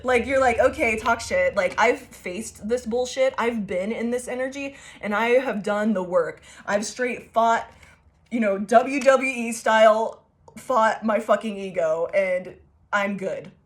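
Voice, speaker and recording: A woman's voice: a little high, slow pace. Laughing, foul-mouthed woman tarot reader. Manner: profane, playful, laughs often. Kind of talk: casual channeled tarot reading.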